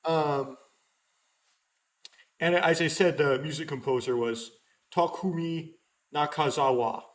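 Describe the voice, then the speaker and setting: A man's voice: fairly high pitch, slow. A young man talking casually as a let's player, rambling and correcting himself often with plenty of ums. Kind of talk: casual gameplay commentary.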